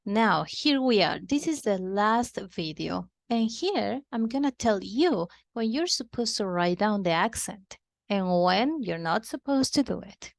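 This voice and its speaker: Speaking in an animated, gravelly, mid-range voice at a measured pace, a woman gives children a slow explanatory Spanish lesson. She is patient, repeats key terms, and moves between Spanish and English. There's no room sound.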